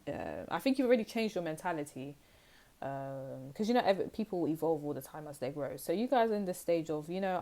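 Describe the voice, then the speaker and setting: Young woman from the uk doing a tarot reading, lowish mellow voice, rambly and chatty. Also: animated, fairly quick. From United Kingdom. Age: young adult. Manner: chatty, rambling, acts out little scenes. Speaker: tarot reader. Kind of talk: casual pick-a-card tarot reading.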